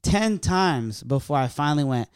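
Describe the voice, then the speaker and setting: A man's voice: fairly high pitch, moderate pace, clean tone, dry recording, studio quality. A man from California, a stand-up comedian, telling loose, profane stories in casual chat. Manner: loose, profane, animated storytelling.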